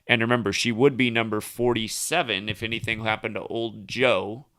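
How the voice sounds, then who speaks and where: A man's voice: fairly low pitch, fairly even intonation, normal speed, bright, forceful tone, slight background noise. A man hosting a solo livestream, rambling through a chain of number links with casual asides. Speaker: livestream host.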